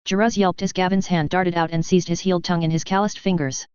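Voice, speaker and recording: A woman narrating a sci-fi story in a steady, plain reading voice. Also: on the low side, fast talker, clean tone, no room sound, lo-fi sound. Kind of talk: audiobook narration.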